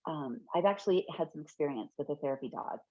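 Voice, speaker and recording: A middle-aged woman giving an online fair housing training from her home office, chatty and quick to laugh, often correcting herself mid-sentence. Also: deep voice, lively intonation, no room sound. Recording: dull, lo-fi webinar audio.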